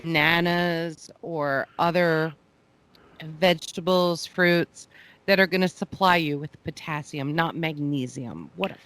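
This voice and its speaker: A woman's voice: deep voice, measured pace, fairly bright tone. A woman co-hosting a podcast, giving blunt, sarcastic comic commentary. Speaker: podcast co-host. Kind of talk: casual comedic commentary.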